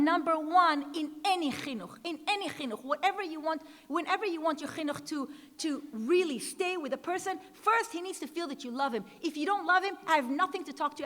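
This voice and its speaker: Woman giving a big inspirational talk, storytelling, bright ringy voice, long hall echo. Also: very high-pitched. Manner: repeats key words for emphasis, storytelling. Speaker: speaker at an education gala. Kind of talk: inspirational speech. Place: large event hall.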